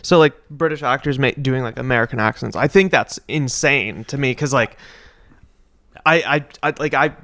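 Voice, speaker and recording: A man from Canada in casual podcast chat, talking haltingly with many restarts. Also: mid-range voice, sharp tone. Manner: halting, restarts often, rambling. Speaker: podcast co-host.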